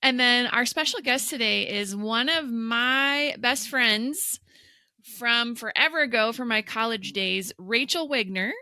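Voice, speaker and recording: Woman in her thirties, podcast host; bright, slightly high voice, animated storyteller, dry close-mic sound. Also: unhurried, no echo. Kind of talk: casual podcast chat.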